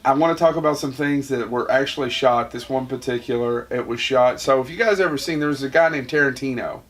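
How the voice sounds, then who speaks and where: A man's voice: mid-range voice, brisk, distant mic. A man hosting a podcast in casual chat, an opinionated and jokey storyteller. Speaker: podcast host.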